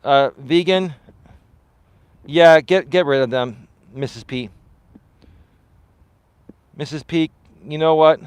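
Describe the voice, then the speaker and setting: A man's voice: fairly high pitch, takes it slowly, long pauses, clear, resonant tone, no echo. A man, a life coach, chatting casually on a livestream while out walking, reading viewer comments and answering them. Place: outdoors on a walk.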